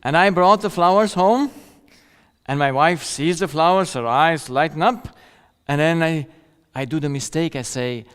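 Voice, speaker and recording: A man lecturing at a seminar, talking slowly and unhurriedly in a high voice. His tone is smooth and clear, and he keeps things conversational, pausing to check in with the audience and chuckling at his own anecdotes. The sound carries a long reverb from a large hall. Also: a bit bright. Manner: conversational, checks in with "yeah?" and "yes?". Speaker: seminar speaker.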